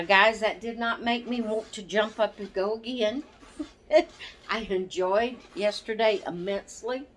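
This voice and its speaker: A woman's voice: medium pitch, fairly bright tone, slight background noise. An older woman, chatting casually to her camera in a rambling way, laughing often and correcting herself. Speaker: vlogger.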